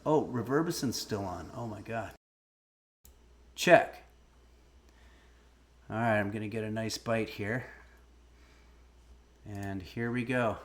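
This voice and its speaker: A man's voice: fairly low pitch, slow, pauses often. A man hosting a live-stream cooking lesson, chatting casually, frank and self-mocking, swearing now and then.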